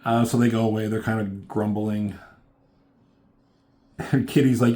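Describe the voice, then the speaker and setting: A man's voice: on the low side, fairly even intonation, a little slow, warm tone. A man casually recapping and reviewing a comic book, loose and profane, reading out the characters' lines in a slightly raised voice.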